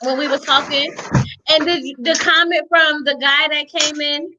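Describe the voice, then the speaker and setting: A woman co-hosting a casual live-stream chat, expressive and quick to laugh. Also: high voice, a little hiss or hum. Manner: laughs often, conversational and expressive.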